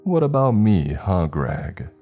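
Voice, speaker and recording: Man doing a taunting sinister entity, childish growly voice, very deep, dark tone, faint music behind. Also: very animated, slow, full character voice. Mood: snapping. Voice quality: growly, mocking.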